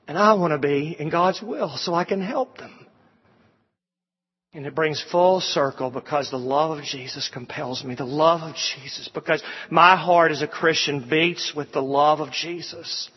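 A man's voice: fairly high pitch, measured pace, husky. A man preaching a sermon, quoting scripture and building through repeated appeals. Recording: dull sound with long hall reverb.

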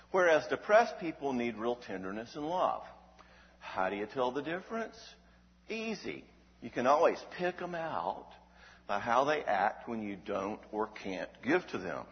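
A man's voice: medium pitch, a little slow. A man giving an emphatic Christian teaching talk, asking rhetorical questions and checking in with "all right?". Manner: animated, emphatic delivery. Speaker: Christian speaker on emotional health. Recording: dull recording with long hall reverb.

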